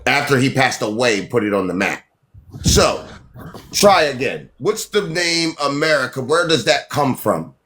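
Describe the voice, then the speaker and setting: A man's voice: medium pitch, animated, measured pace, fairly bright tone. Dismissive man lecturing on a live stream. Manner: dismissive, lecturing, repeats himself. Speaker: livestream host. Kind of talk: combative live-stream chat.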